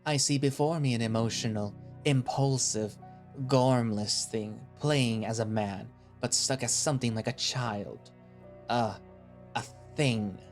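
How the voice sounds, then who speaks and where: A man playing a cold, scornful male settlement leader who speaks slowly and condescendingly, with cutting remarks. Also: mid-range voice, soft background music, natural voice. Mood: contemptuous.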